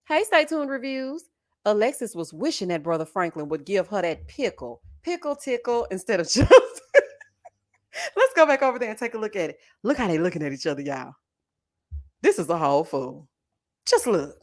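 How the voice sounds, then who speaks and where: A sassy woman gives casual commentary on a reality TV show. Her voice sits a little high and swings widely up and down, with big laughs and plenty of "honey" and "child" thrown at her viewers. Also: big pitch swings, moderate pace. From Texas. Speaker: host of a reality TV reaction channel.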